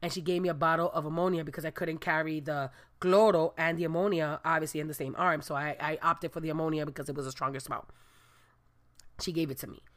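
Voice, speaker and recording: Animated woman telling a story. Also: low voice, fast. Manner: animated, acts out dialogue with voices. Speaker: storyteller vlogger. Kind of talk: casual storytelling to viewers.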